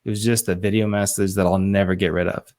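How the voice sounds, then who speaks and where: A man's voice: sits low, flat delivery, fast, a little mellow. A man in his thirties, a fatherhood coach, telling a story earnestly and with emphasis as a podcast guest. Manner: earnest, emphatic, quotes others in dialogue.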